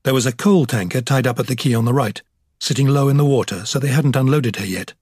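A man narrating an audiobook in a measured, even storytelling manner. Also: medium pitch, husky, no room sound, studio quality. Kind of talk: scripted narration.

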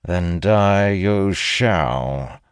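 A man reading an audiobook, voicing a cold, merciless male general who speaks gruffly and evenly. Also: lowish voice, measured pace, no room sound, clean studio sound, voice pushed up, natural voice. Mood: menacing. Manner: gruff, even, unyielding.

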